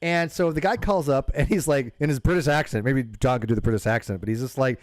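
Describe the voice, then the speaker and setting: A man hosting a casual group chat, animated and quick to laugh, often tripping over his words. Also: medium pitch, dry recording. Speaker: show host.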